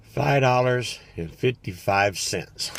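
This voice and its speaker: Sitting in his parked car in a parking lot, an older man vlogs a rambling personal story in a casual, chatty way, laughing as he goes. His voice is mid-range with vocal fry.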